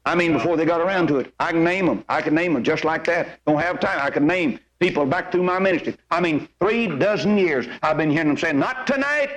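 A man's voice: quick pace, hardly any pauses, a bit bright, rough recording. A man preaching a folksy sermon, acting out the characters in his stories with big jumps in his voice. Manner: swings pitch up and down to act out characters in stories.

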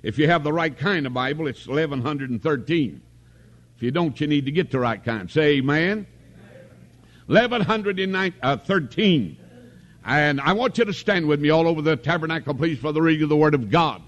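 Older male revival preacher, slightly high voice; folksy storyteller who asks for amens. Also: fast talker, few pauses, highs cut off. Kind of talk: revival sermon. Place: tabernacle.

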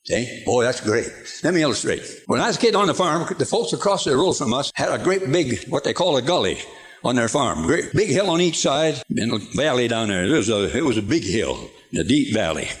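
A man preaching a folksy, emphatic sermon, often repeating himself. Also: a little high.

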